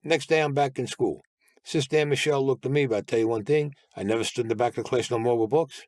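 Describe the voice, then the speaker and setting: A man's voice: medium pitch, fast, darkish tone, dry recording. An older man, a guest telling blunt, streetwise stories full of profanity. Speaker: interview guest. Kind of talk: casual storytelling.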